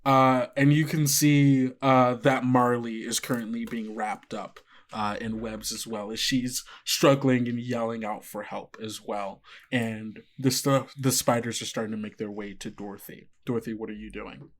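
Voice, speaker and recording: A man's voice: mid-range voice, flat delivery, moderate pace, few pauses. A man narrating as game master, describing scenes in a casual way with many fillers.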